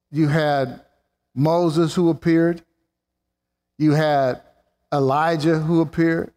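Male preacher, slow, deliberate delivery, slightly high voice, fervent sermon in a reverberant church hall. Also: darkish tone. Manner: fervent, rising to exclamations and slowing for emphasis.

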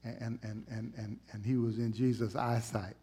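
A man preaching a sermon in a church, conversational and teasing with the congregation, and swinging between loud emphasis and hushed tones. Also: on the low side, little pitch movement, normal speed, breathy edge.

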